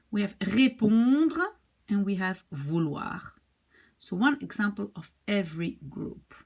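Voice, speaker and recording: A woman's voice: mid-range voice, gravelly, breathy edge. A woman teaching a language lesson, explaining patiently, repeating examples step by step, with Dutch as her first language.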